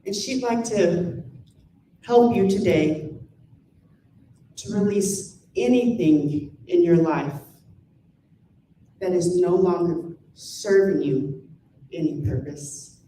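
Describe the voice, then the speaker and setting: A woman host introduces a speaker at a live event, speaking very slowly and deliberately. She sounds distant from the microphone, and her voice echoes through a roomy space with faint noise. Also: fairly low pitch, mellow. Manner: measured and deliberate. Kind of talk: slow formal introduction. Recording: roomy sound from far off the mic.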